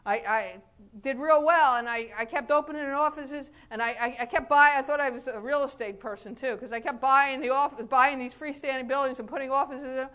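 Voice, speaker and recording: A middle-aged woman with a high voice gives a motivational speech to fellow chiropractors. She talks in a folksy, lively way, laughing often and acting out what people said to her. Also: fairly quick. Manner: folksy, animated, laughs often, acts out quotes. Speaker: chiropractor giving a talk.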